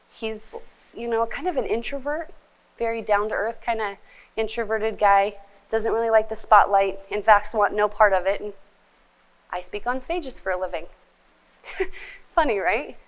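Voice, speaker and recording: A middle-aged woman coaching couples in a lively, joking talk who acts out what partners say. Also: fairly high pitch, a little slow, long pauses, low-quality recording. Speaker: relationship speaker and life coach. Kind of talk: motivational talk.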